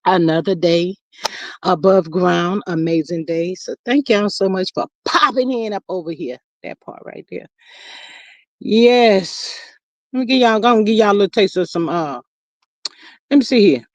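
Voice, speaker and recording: A woman hosting a casual live stream, chatting with viewers and reading their comments aloud in a lively, drawn-out way. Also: dry recording. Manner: chatty, lively, drawn-out greetings, sudden high exclamations.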